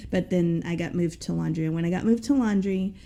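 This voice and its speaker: A woman's voice: lowish voice, a little fast, gravelly, dark tone. A woman guest in an interview, telling her personal story in an earnest, rambling way with many fillers.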